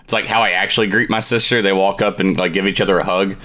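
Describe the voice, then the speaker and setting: Man in his twenties, low bright voice, casual podcast banter, laughs at his own jokes. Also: steady tone, quick pace. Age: 20s. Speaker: podcast co-host. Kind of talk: casual chat.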